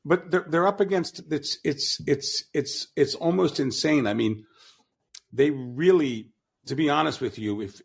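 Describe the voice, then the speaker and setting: A man's voice: mid-range voice, creaky, breathy edge. A man talking bluntly on a podcast, mocking and profane, with frequent restarts. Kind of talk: casual opinionated talk.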